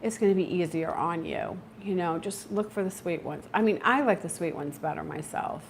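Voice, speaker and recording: A middle-aged woman hosts a homesteading livestream, her voice lowish, slightly quick, and creaky, with a faint hiss or hum in the background. She chats casually and animatedly, acting out her own reactions as she tells stories.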